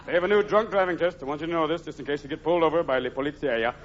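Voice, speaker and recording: Manic high-voiced man doing stand-up. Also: very fast, slight background noise. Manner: manic, jumping between many silly character voices. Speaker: stand-up comedian. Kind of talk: live stand-up comedy. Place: theater stage before a live audience. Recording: lo-fi live recording with loud laughing crowd.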